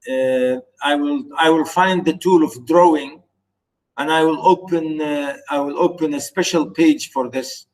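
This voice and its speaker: Man, teacher, poetry lesson, high voice, unhurried, halting, counts syllables. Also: rough recording. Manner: halting, chants stress patterns syllable by syllable; many fillers and restarts while explaining.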